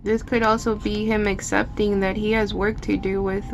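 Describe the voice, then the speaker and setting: A woman's voice: mid-range voice, level tone, moderate pace, background noise. A woman giving a casual tarot reading in a loose, emotional way, swearing often and saying "like" a lot. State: teary at times. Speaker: tarot reader.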